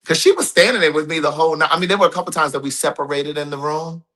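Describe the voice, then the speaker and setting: A man's voice: on the high side, racing, fairly bright tone. A man chatting casually with his live-stream audience, telling a long personal story and quoting a friend's words. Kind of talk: casual chat.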